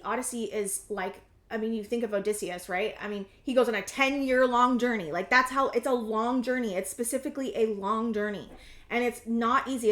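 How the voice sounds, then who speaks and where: A woman's voice: a little high, a bit bright, echoey room. Chatty woman giving a tarot reading. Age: 30s. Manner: rambling, intuitive, with many restarts and fillers. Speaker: tarot reader. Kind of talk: casual tarot reading to camera.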